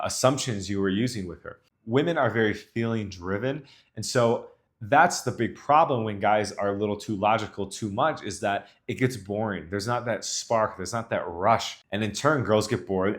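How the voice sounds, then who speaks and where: Young man, dating coach, lowish voice, assured instructional delivery. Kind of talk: instructional talk to camera.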